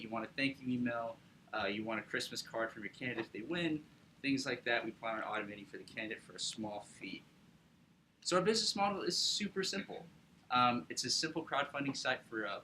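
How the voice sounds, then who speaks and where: A young man casually pitching his startup to an audience, upbeat, with lots of fillers and tag questions. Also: bright, forceful tone, slight background noise, rough recording. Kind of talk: business pitch presentation.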